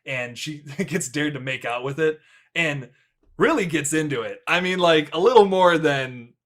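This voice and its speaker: A man's voice: a little high, lively intonation, moderate pace, a bit bright. A young man hosting a casual film review podcast, rambling and crude, laughing often at his own jokes. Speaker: podcast host.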